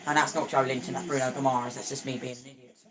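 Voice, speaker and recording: A man's voice: mid-range voice, level tone, very fast, fairly bright tone. A young man chatting through a live football match, opinionated, stumbling and restarting often. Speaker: football watchalong streamer. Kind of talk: casual live match commentary.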